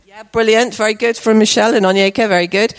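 A woman's voice: medium pitch, steady tone, fast. A woman leading a church children's song session, cheerfully encouraging the kids with constant praise. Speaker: children's worship leader.

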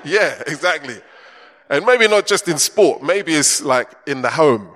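A man's voice: fairly high pitch, fairly bright tone. A man preaching a chatty, conversational sermon in a church and putting questions to the congregation. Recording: long church hall reverb.

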